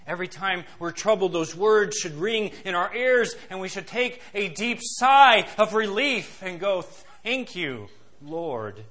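A man preaching a sermon in a bright, forceful voice that sits a little high. He drops into soft, low asides, then climbs to loud, emphatic peaks. He reads scripture and hymn lines slowly, leaning on each word. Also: lively intonation. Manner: quotes scripture and hymn lines in a slow, stressed cadence. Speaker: pastor.

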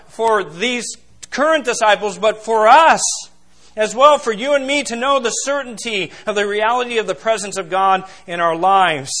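A man delivers a sermon in a high, bright voice, calling the listeners beloved and pressing them with questions. He moves between ringing declarations and quiet, hushed asides. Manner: emphatic, swings between loud and hushed; addresses congregation as beloved, asks questions. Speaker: pastor.

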